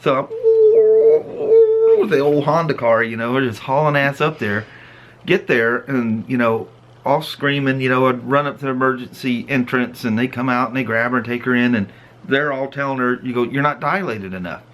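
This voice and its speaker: A man's voice: mid-range voice, a little fast, a little hiss or hum. A middle-aged man hosting a family vlog, casually telling a story and acting out its moments with laughs. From Pacific Northwest of the US. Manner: animated, laughs and acts out the story. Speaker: vlog host.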